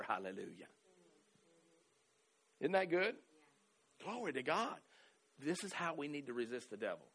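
High, bright-voiced emphatic Southern preacher. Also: male voice, big pitch swings, a little slow, long pauses, husky. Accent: Southern American. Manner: emphatic, rhythmic call-and-response preaching. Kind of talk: sermon.

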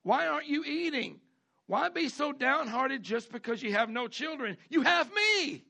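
A gentle, doting husband, put on by a preaching man, coaxes his tearful wife. The voice sits noticeably higher than his usual one, tender and pleading, with a gravelly edge. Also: expressive, normal speed, heavily acted. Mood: coaxing. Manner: coaxing, tender, higher pitched.

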